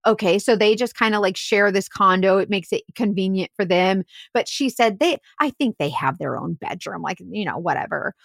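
Woman investigator spinning a case story, chatty and animated, dry close sound. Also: medium pitch, normal speed, vocal fry, hardly any pauses, no echo. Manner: animated, heavy use of "like". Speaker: private investigator. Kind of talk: casual storytelling podcast.

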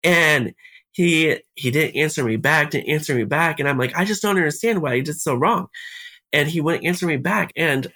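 A man's voice: on the high side, moderate pace, bright, forceful tone. A man, a podcast guest, telling a personal story step by step and quoting each exchange.

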